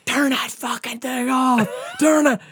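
A man voicing an angry small-town policeman who shouts and swears. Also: very high voice, fairly even intonation, unhurried, breathy edge, voice pushed up, heavily acted. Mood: yelling. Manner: shouting, cursing. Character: angry yelling male small-town cop.

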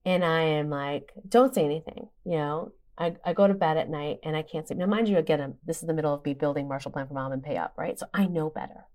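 A woman in her forties, a podcast guest telling a personal story in a lively, animated way with quick asides. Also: sits low. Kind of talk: podcast conversation.

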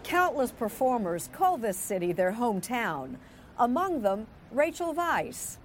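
A woman news anchor introducing segments in a smooth scripted delivery. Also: a little high, very animated, measured pace, a little hiss or hum.

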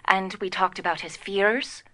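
A woman's voice: mid-range voice, steady tone, a little slow, bright, forceful tone, no echo. A woman playing an earnest social worker caller who tells her story with pity and worry, in an improvised comedy sketch. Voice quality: earnest, pitying, breathless storytelling.

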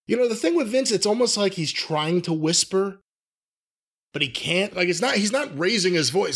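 A man's voice: high voice, very animated, normal speed, a bit bright, husky. A man hosting a podcast in a casual way, wry and jokey as he steers the talk. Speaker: podcast host.

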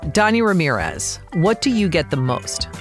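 A woman from Colorado hosting a podcast, reading a scripted season wrap-up in a measured, appreciative way. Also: on the low side, wildly swooping pitch, faint music behind. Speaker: podcast host.

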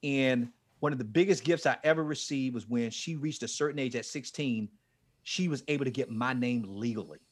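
A man in his forties, a ministry leader, telling his life story with strong emotion, dropping to a hush and then rising almost to a shout. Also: mid-range voice, a little fast, slightly rough. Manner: passionate, swings from hushed to near-shouting. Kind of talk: emotional testimony in an interview.

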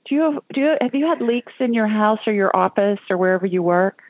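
This Alabama woman's mid-range voice is expressive and a little fast as she hosts a casual call-in radio chat. She comes across as chatty and folksy, quick to laugh. The sound is dry and lo-fi.

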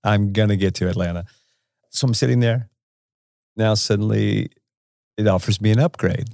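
A man's voice: on the low side, steady tone, moderate pace, vocal fry, darkish tone, no echo, studio quality. A man casually telling a rambling, profane travel anecdote, laughing often as he goes. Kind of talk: casual storytelling.

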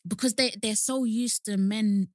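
A young woman co-hosting a casual chat podcast, animated, repeating herself and acting out quotes. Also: on the high side, measured pace, dry recording, studio quality. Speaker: podcast co-host.

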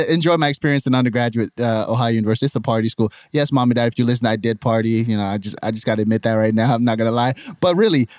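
A young adult man from Nigeria with a Nigerian accent, telling his life story in a lively, conversational way as a podcast guest. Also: no room sound, studio quality. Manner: animated, jumps into high mimicking voices when quoting others.

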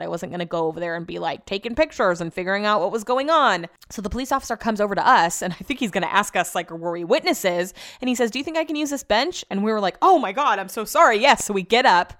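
A young adult woman casually retelling a personal story, emphatic and animated, with lots of filler words. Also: lowish voice, fast, hardly any pauses.

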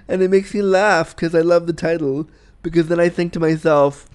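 Man, podcast host, casual monologue, bawdy, candid, rambling, slightly higher-pitched voice. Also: fairly even intonation, measured pace, pauses often, darkish tone, clean tone.

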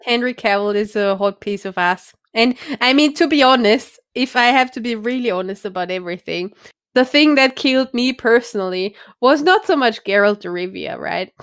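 A woman's voice: on the high side, animated, normal speed, a bit bright, smooth, dry recording, clean studio sound. A woman co-hosting a casual geek news show, talking in an enthusiastic, giggly way. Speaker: podcast co-host.

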